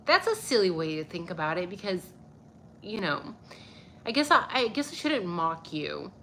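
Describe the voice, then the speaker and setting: A woman's voice: mid-range voice, big pitch swings, normal speed, bright, forceful tone, a little hiss or hum. A young woman hosting a casual livestream, greeting viewers by name and swearing freely, a little stuffy-nosed. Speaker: livestream host. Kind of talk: casual livestream chat reading viewer comments.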